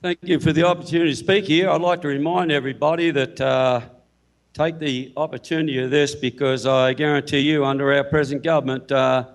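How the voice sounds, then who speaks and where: A man, speaking heatedly and bluntly from the floor at a town hall meeting. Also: mid-range voice.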